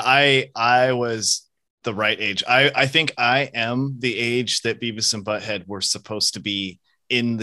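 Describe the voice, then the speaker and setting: A man in his forties in a casual podcast chat, talking in an animated way, swearing freely and laughing at his own jokes. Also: fairly low pitch, no echo. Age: 40s. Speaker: podcast co-host or guest.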